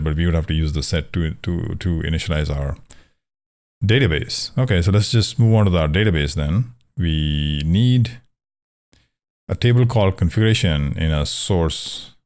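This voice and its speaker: A man's voice: rumbling low, normal speed, a little mellow. A man giving a casual coding tutorial, talking through his steps aloud, correcting himself and joking wryly along the way. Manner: thinking aloud, conversational, self-correcting; wry, joking about pronunciation. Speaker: programming tutor. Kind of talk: casual screen-share coding walkthrough.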